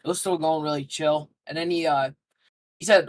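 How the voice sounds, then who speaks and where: A man's voice: fairly high pitch, fairly even intonation, moderate pace, low-quality recording. Rambling young man telling a story. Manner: rambling, filler-heavy storytelling with many restarts. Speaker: interviewee. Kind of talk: casual interview answers.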